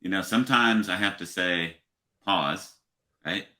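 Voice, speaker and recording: Male podcast guest, very low voice with a crisp, pointed tone, measured and thoughtful delivery. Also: pushed and bright. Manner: measured, brief affirmations, thoughtful pauses. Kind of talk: casual conversation.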